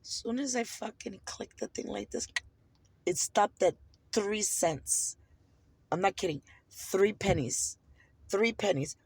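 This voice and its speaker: A woman's voice: medium pitch, takes it slowly, long pauses, slightly rough, no echo. An American woman ranting in a casual vlog, swearing heavily and sounding heated and indignant. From United States. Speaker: vlogger. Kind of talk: casual storytelling rant.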